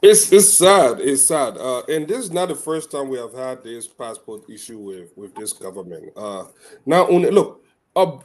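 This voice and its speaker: A man, a guest giving political commentary on a live show, talking haltingly with many restarts. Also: medium pitch, expressive, a little mellow. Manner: halting, restarts with repeated words.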